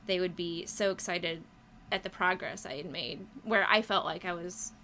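A woman talking with bubbly enthusiasm about her work, her voice carrying a creaky, gravelly edge. She fills her talk with "um" and "you know" and laughs easily. Faint noise sits under the recording. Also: on the low side, normal speed, sharp tone. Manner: enthusiastic, laughs often, many fillers. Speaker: muralist guest. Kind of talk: casual interview chat.

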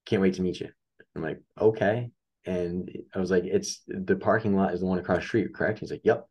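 A young man with a very low, deep voice talks casually as a guest on an interview show. He tells a story about his coaching career and plays each person's lines himself as it unfolds. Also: quick pace, slightly rough. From upstate New York. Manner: animated storyteller acting out quoted dialogue.

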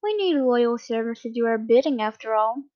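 A woman reading aloud, voicing a smug, sly male villain henchman who taunts his captives in a slow, mocking way. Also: on the high side, lively intonation, dull audio, lightly acted.

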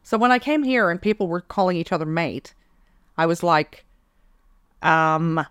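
A young Canadian woman co-hosting a podcast, trading dry, deadpan wisecracks in casual chat. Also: fairly low pitch, measured pace, clear, resonant tone, dry recording. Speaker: podcast co-host.

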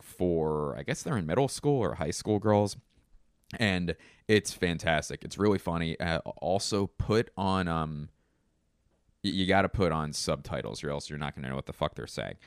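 A man with a low, smooth voice hosts a casual solo podcast, rambling loosely and swearing freely as he goes. He restarts his sentences often and leans on fillers. The recording is dry and close. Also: no echo. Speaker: podcast host.

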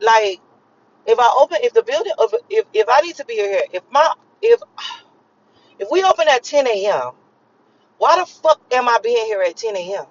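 A vlogger from Miami, a woman in her thirties, rants casually to camera, profane and emphatic and repeating herself for emphasis. Her voice is on the high side with big pitch swings at a moderate pace, and the recording sounds slightly lo-fi.

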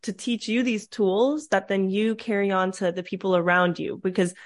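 A woman's voice: medium pitch, steady tone, moderate pace. A woman coach hosting a casual podcast conversation, full of supportive affirmations.

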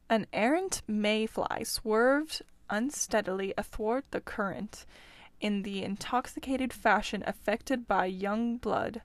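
A woman reading a classic storybook aloud in a steady, expressive narration. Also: mid-range voice, slow, no echo. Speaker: audiobook reader.

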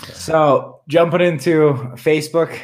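A man's voice: fairly high pitch, little pitch movement, takes it slowly. A man co-hosting a podcast, chatting casually and bluntly. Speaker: podcast co-host. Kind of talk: casual chat.

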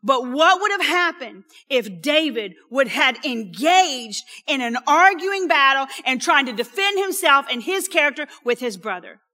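A woman preaching a sermon, animated, dropping to a hushed whisper for emphasis and checking in with "okay?". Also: high voice. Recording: long hall reverb.

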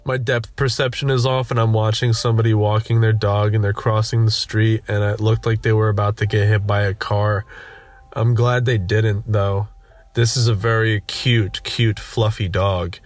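A young man hosting a solo podcast, ranting in a sardonic, deadpan way full of profanity and restarts. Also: fairly low pitch, normal speed. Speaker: podcast host. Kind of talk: rambling solo podcast monologue.

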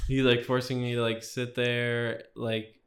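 Flat-voiced young man telling his story. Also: mid-range voice, unhurried, a little hiss or hum. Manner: rambling, fills with 'like' constantly. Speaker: podcast guest. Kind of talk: casual testimony storytelling.

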